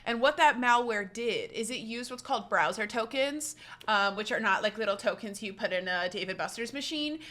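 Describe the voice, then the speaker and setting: Young female streamer, bright voice, dramatic self-mocking storyteller. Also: a little high, expressive, normal speed. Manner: dramatic, self-mocking, acts out her own panicked quotes. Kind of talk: storytelling vlog.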